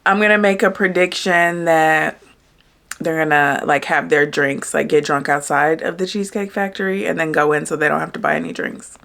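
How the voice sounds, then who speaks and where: Low-voiced woman reacting incredulously. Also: fairly even intonation, moderate pace, vocal fry, a bit bright. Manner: incredulous, chatty asides. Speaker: host reacting to a clip. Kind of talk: casual reaction commentary.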